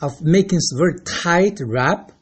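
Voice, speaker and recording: A man whose first language is Mandarin Chinese, explaining words in a casual language lesson, slow and explanatory, with many fillers and repeated words. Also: breathy edge. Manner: lively pitch, pronouncing Chinese words slowly. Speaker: teacher.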